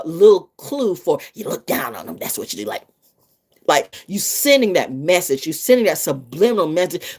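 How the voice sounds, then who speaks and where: Brash woman with a lively low voice. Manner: profane, brash, streetwise rambling. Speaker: vlogger and storyteller. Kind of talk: rambling freestyle livestream talk.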